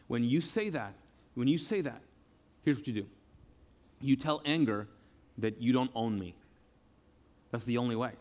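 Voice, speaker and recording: A man preaching a sermon with passion, repeating phrases and swinging between loud outbursts and hushed, quiet lines. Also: medium pitch, moderate pace, pauses often. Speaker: pastor.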